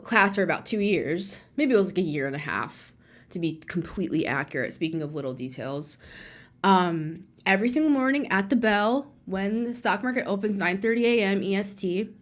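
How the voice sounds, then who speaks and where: A young woman hosting a tarot channel, talking casually and rambling, correcting herself and laughing between thoughts. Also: medium pitch. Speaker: tarot reader and channel host. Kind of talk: casual spiritual talk to camera.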